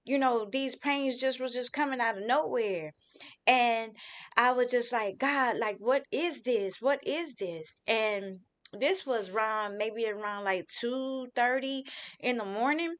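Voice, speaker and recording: A middle-aged woman telling her own story as a grieving mother, in a heartfelt testimony full of "you know" fillers. She speaks at an unhurried, slow pace. Her voice sits a little high. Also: fairly bright tone. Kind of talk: personal testimony.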